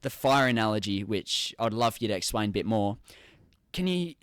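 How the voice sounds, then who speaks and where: An Australian man hosting a podcast, asking questions eagerly and agreeing warmly with his guest. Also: lowish voice, expressive, a little fast, clean tone, dry recording, clean studio sound. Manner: enthusiastic, agreeable, frequent affirmations. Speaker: podcast host. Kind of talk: interview conversation.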